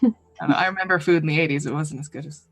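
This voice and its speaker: Woman player, lowish voice, dry close mic, hesitant casual talk. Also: steady tone, rapid-fire, no echo. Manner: hesitant, thinking aloud with fillers. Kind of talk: playing a tabletop game.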